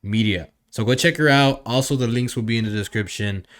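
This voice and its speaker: A man's voice: mid-range voice, fairly quick, fairly bright tone. A man hosting a casual podcast, talking conversationally and posing rhetorical questions. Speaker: podcast host.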